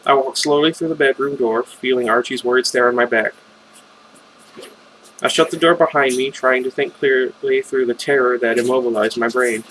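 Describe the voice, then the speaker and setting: A man's voice: medium pitch, fairly even intonation, normal speed, fairly bright tone, a little hiss or hum, rough recording. Amateur male reader narrating a fan novel in first person; informal, with stumbles and off-script asides. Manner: stumbles and makes chatty side comments. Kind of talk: reading a fan novel aloud with casual asides.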